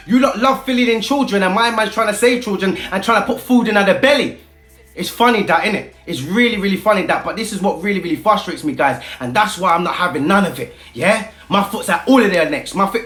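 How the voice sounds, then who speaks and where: A man delivers a fierce, confrontational rant straight to camera, peppered with street slang. His voice sits high for a man. The sound rings around an echoey room. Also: fairly bright tone. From Britain. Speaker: activist vlogger.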